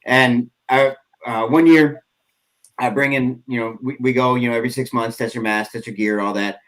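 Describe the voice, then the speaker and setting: A man's voice: mid-range voice, fairly even intonation, moderate pace, a bit bright, rough recording. A man on a podcast, telling casual stories, often laughing as he rambles through them. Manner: laughing, rambling anecdotes with fillers. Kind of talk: casual storytelling chat.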